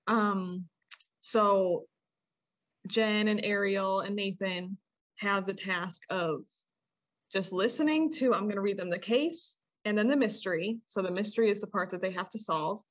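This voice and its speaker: An animated woman from the United States takes the moderator's seat and walks her friends through the rules. She talks in a casual, chatty way, pokes fun at herself, and laughs easily. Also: medium pitch. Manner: animated, self-deprecating, quick to laugh. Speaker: game moderator. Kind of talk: casual group chat, explaining game rules.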